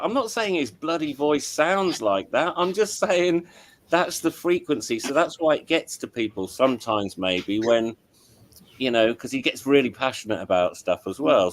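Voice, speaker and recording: Rambling middle-aged man, apologetic. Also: medium pitch. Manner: rambling, apologetic, many restarts. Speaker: show host and audio engineer. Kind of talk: casual livestream chat.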